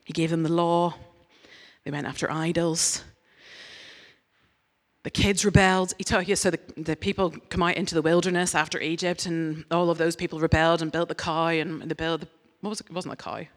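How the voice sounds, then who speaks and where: A woman giving a lively, humorous sermon, acting out quoted voices with big leaps up in pitch. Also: a little fast. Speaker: preacher. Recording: long hall reverb.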